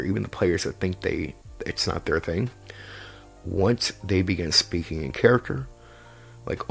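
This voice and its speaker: A man with a very low, gravelly voice talks through tabletop role-play advice. He is emphatic and repeats his points, swearing now and then. His voice is husky, with faint music underneath. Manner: emphatic and repetitive, swears casually. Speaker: game master giving player advice. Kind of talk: casual advice talk.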